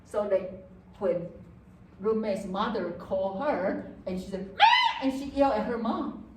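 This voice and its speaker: Animated woman lecturing in an echoey classroom. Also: mid-range voice, unhurried, distant mic, very noisy. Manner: animated, acts out student voices, frequent "okay" and "right". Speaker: psychology lecturer.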